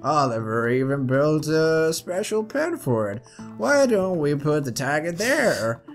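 A man with a raspy voice voicing a kindly grandmother in a video game, reading her lines aloud in a halting way. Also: on the high side, sing-song, soft background music, pitched above the performer's own voice. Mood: cheerful. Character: kindly grandmother of a young vet.

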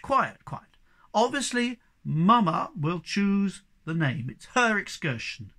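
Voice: mid-range voice, very animated, slow, pushed and bright, voice pushed up, exaggerated voice. A storybook reader voicing a fatherly troll who speaks heartily and is pleased with himself. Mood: triumphant. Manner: hearty, triumphant.

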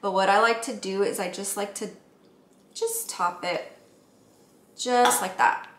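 A woman's voice: medium pitch, a little slow, a little hiss or hum. Chatty woman mixing drinks in an echoey kitchen. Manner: chatty, relaxed, many ums and likes. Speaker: home cocktail vlogger. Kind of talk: casual how-to chat.

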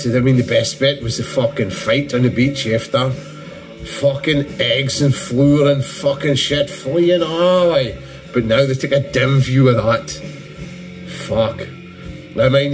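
A middle-aged northeast Scottish man tells rambling, swear-filled stories in a relaxed vlog monologue. His pitch sits in an ordinary middle range, and music plays clearly behind him. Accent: Scottish, northeast Doric. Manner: profane, storytelling, heavy swearing. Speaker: hobby painting vlogger.

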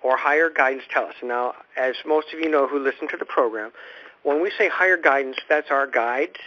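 A man's voice: medium pitch, a little fast. A man hosting a spiritual radio program, teaching in an informal, rambling way and often repeating words as he restarts his thoughts. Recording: dull lo-fi radio recording.

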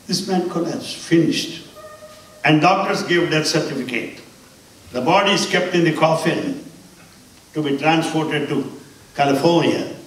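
A man's voice: a little high, a bit bright, recorded from a distance, slight background noise. Emphatic man in echoey hall. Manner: emphatic, repeats key phrases. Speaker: spiritual speaker. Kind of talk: devotional talk to an audience.

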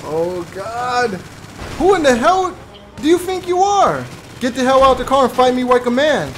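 A man doing a high-pitched, rowdy young gamer who swings his voice wildly up and down. He yells boastful trash talk and stays hyped the whole time, with a faint hiss under him. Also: very animated, normal speed, exaggerated voice. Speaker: live game streamer. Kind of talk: live gameplay character voice.

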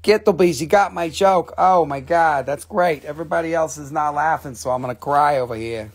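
Running a casual live stream selling stones and minerals, a man with a fairly high voice talks briskly. He's a joking, rambling salesman who swears as he goes.

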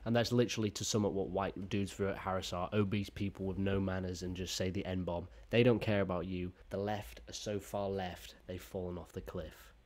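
A man talks over clips with a mocking, foul-mouthed edge, and his voice sits a little low. He runs a casual reaction commentary, scoffing at what he sees. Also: fairly even intonation, moderate pace, few pauses, darkish tone. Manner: mocking, profane, sarcastic.

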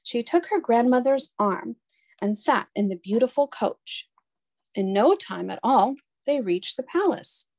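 A woman reading a children's storybook aloud in an expressive, clear storytelling voice. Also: on the high side, measured pace.

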